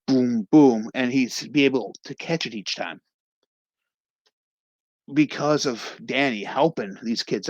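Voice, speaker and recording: A man's voice: mid-range voice, no echo, lo-fi sound. A young man casually recapping a comedy film as a review host, rambling and acting out scenes with quoted lines.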